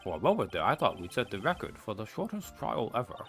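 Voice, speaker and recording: A man voicing a fussy, gullible elderly judge who makes slow, pompous pronouncements. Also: lowish voice, sing-song, a bit bright, faint music behind. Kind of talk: fan voice acting over a game.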